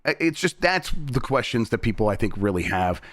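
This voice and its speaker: A man's voice: medium pitch, very animated, a little fast, a bit bright, no room sound. A man co-hosting a games news show, talking things through in a hesitant, thoughtful way with frequent restarts. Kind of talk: casual news discussion.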